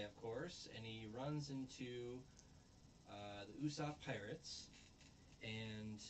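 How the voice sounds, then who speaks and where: A man's voice: fairly low pitch, a little hiss or hum. A man casually recapping a show, loose and profane, who acts out the characters' lines. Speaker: show reviewer and host.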